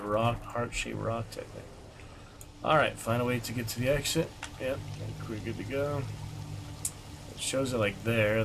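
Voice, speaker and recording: A man's voice: fairly low pitch, gravelly. A man streaming a video game, chatting easily and rambling with little chuckles. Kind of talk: casual gameplay commentary. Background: game music.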